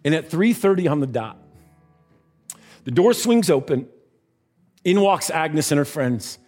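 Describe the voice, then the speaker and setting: A man's voice: a little high, lively intonation, unhurried, a little mellow, faint music behind. A man preaching a sermon, telling a story in a conversational way and dropping his voice at tender moments.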